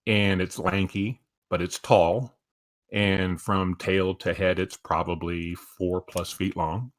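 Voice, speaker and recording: A man in his fifties with a fairly low voice, spinning an animated, profane story on a casual stream. He talks loosely and swears freely, with lots of restarts and acted-out bits. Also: slow pace. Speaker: stream co-host.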